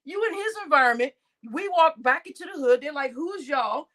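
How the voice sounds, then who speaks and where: Woman, vlogger, high voice, lively pitch, slangy storytelling, laughs a lot. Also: brisk. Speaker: vlogger reacting to news. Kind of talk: casual commentary.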